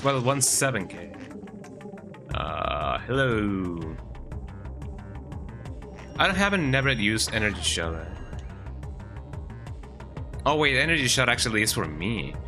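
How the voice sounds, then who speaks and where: A man streaming a video game, talking casually to viewers as he plays and often ending sentences with "eh?". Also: lowish voice. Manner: chatty, lively, tags sentences with "eh?". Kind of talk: casual gameplay commentary. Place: home, with a cat on his lap.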